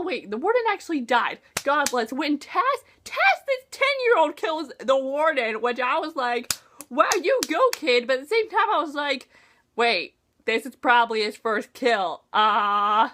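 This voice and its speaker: Gushing young woman with a lively high voice. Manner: gushing, emotional, slangy. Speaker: book reviewer. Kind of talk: casual book talk vlog.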